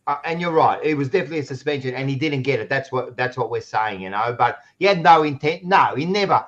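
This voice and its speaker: A man's voice: mid-range voice, fast talker, fairly bright tone, lo-fi sound. An Australian man hosting a casual sports podcast, rambling and blunt, often restarting his sentences. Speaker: podcast host.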